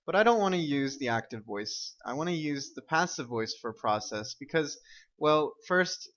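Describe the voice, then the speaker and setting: A man's voice: on the high side, lively intonation, moderate pace, fairly bright tone, lo-fi sound. A man teaching an English grammar lesson, explaining step by step and often checking with "right?" and "okay?".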